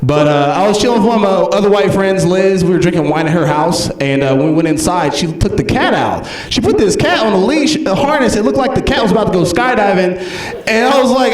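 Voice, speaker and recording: A man performing a stand-up comedy set, telling animated stories and acting out the people in them. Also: high-pitched, a little fast. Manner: animated storytelling, acts out characters. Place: comedy club stage. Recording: echoey club from far off.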